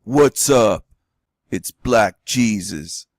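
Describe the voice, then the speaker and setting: A man voicing a swaggering, bragging male parody character who talks in a slow, slangy drawl. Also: lowish voice, expressive, no room sound, clean studio sound, exaggerated voice. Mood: boastful.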